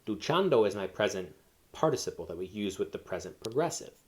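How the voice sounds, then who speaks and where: A man's voice: on the low side, big pitch swings, a little fast. A man teaching a Spanish lesson, explaining step by step with fillers and self-corrections. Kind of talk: recorded classroom lesson.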